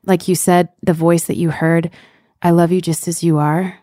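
A woman's voice: on the low side, flat delivery, normal speed, warm tone, dry recording, clean studio sound. A woman in her thirties, a podcast co-host, speaking candidly and earnestly about parenting. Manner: earnest, candid, with fillers like "you know". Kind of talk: reflective podcast conversation.

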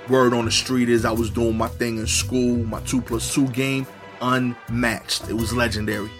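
A man's voice: medium pitch, level tone, moderate pace, soft background music. A man, telling a funny personal story in a conversational way, full of wry asides. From New York. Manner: conversational, many "you know" fillers, wry asides.

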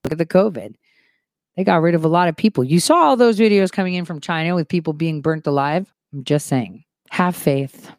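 A woman giving a casual political monologue as an online commentator, animated, moving from soft asides to emphatic rises. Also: fairly low pitch, a little fast, dry recording, clean studio sound.

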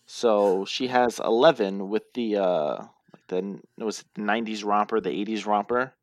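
On a laid-back wrestling recap podcast, a male co-host with a lowish, steady voice talks at a normal speed, sounding tired and yawning now and then. He's playful and jokey, rambling with plenty of fillers. The studio recording is clean, with no room sound.

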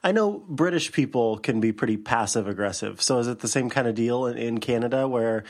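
A man's voice: medium pitch, fairly quick. A man co-hosting a podcast in casual chat, joking and laughing often. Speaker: podcast co-host.

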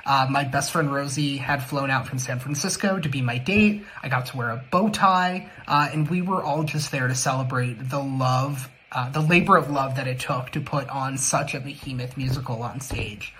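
A man's voice: medium pitch, moderate pace, few pauses, bright, forceful tone, a little hiss or hum, rough recording. A man recording a personal story, earnest, starting lines with uh. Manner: many "uh" fillers, earnest. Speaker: listener sending a memory.

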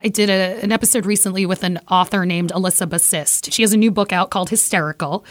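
A woman's voice: medium pitch, fairly even intonation, quick pace, dry recording, clean studio sound. Chatty woman hosting a podcast. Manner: conversational, chatty. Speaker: podcast host. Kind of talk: casual interview talk.

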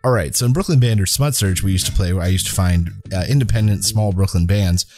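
A man co-hosting a casual podcast, running a quiz game and reading the clues in a deadpan way. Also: low voice, a little fast, faint music behind. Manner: deadpan, reads clues flatly.

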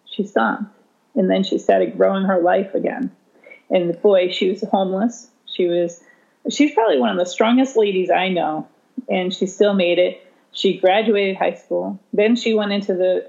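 A woman special education teacher telling a story in conversation, animated, laughing often and voicing the people she quotes. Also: mid-range voice, normal speed, gravelly. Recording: slightly dull lo-fi sound.

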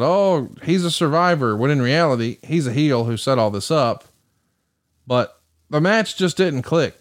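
A man hosts a casual podcast, running through results at a steady clip. His voice sits in a middle range, with a dry, wry edge. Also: mid-range voice. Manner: brisk, rundown of match results with wry asides. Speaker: podcast host. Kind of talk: casual wrestling recap commentary.

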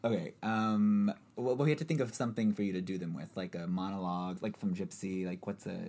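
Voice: low-pitched, brisk, a little mellow. A co-host in a casual chat, giggly and egging the other speaker on to do voices.

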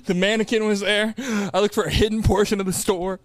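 A man's voice: high voice, brisk, hardly any pauses, no echo. A young man co-hosting a podcast, telling a story in casual chat with lots of laughter and self-mockery. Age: young adult. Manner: animated storytelling, laughs often, self-mocking. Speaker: podcast co-host.

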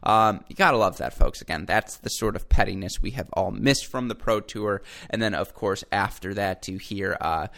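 Low-pitched male podcast host, upbeat and chatty, talks straight to his listeners. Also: moderate pace, gravelly, hardly any pauses, fairly bright tone. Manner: enthusiastic, chatty, addresses listeners as folks. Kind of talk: solo podcast commentary.

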